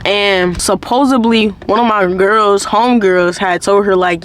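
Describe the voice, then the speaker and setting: A woman tells her viewers a story in a relaxed, unscripted monologue. Her talk is thick with slang and swearing, and she fills nearly every pause with "like" and "you feel me.". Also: medium pitch. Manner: slangy, profane, constant "like" fillers. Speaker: channel host. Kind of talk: casual story-time monologue.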